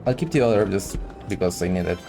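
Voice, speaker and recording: A low-voiced man giving loose let's-play commentary, chatty and joking, with little self-mocking asides to the viewer. Faint game music plays under his voice. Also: animated, fast talker, creaky, mellow. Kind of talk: casual gameplay commentary.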